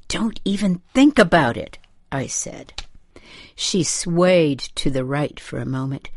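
A woman reading a first-person memoir in a measured, restrained narration. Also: extremely low pitch, creaky, no echo, clean studio sound.

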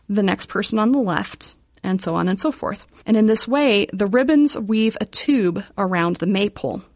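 A woman's voice: medium pitch, dry recording. Woman reading a story, dry close sound. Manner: calm, measured, explanatory. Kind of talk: reading a children's story aloud.

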